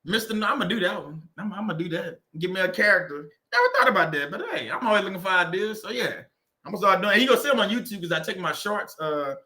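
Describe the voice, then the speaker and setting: A man's voice: high-pitched, lively intonation, fast, bright, forceful tone. A man hosting a faith-based livestream, chatting casually with viewers and laughing and joking often.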